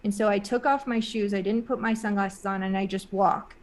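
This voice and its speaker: Woman in an interview rambling through a story, tons of likes and ums, earnest, mid-pitched voice. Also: steady tone, a little fast, soft background music. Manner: rambling, full of "like" and "um" fillers; earnest, emotional retelling. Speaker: interview guest. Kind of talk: casual spoken storytelling.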